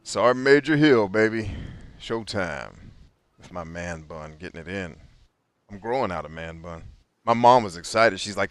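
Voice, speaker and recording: A man's voice: deep voice, animated, normal speed. A young man streaming a game and ranting bluntly about stories, with plenty of profanity and strong opinions. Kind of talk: live game stream commentary.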